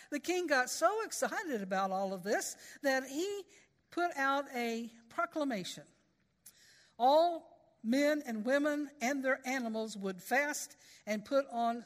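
A woman's voice: high voice, in a large hall. A woman preaching a sermon in a folksy, conversational way, with storytelling asides.

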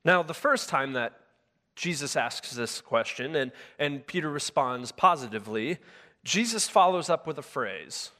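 Brief: male pastor with a slightly high voice, chatty and self-correcting sermon delivery, long hall reverb. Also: lively intonation, measured pace, bright, forceful tone. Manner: conversational with frequent filler words and self-corrections. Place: church sanctuary with a live congregation.

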